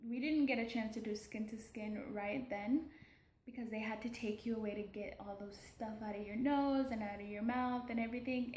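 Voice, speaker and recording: A young woman recording a personal video diary for her daughter, talking in an emotional, hesitant way with many pauses and restarts. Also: mid-range voice, a bit bright, roomy sound, a little hiss or hum. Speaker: mother keeping a video diary.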